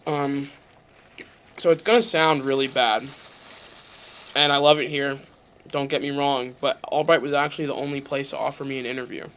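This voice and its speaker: A man's voice: medium pitch, steady tone, fairly bright tone, a little hiss or hum. A man in his twenties, a guest on a hot wing interview, joking about himself while talking through bites of spicy food. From Pennsylvania, USA. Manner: joking, self-mocking, quick asides. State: eating spicy wings, talking while chewing. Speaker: interview guest, university staff. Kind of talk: casual chat over a hot wing challenge.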